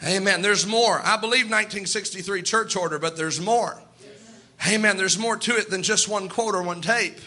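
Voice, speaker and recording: Very high, sharp-voiced male preacher. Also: normal speed. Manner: impassioned, emphatic, bursts into shouts. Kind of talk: fervent sermon.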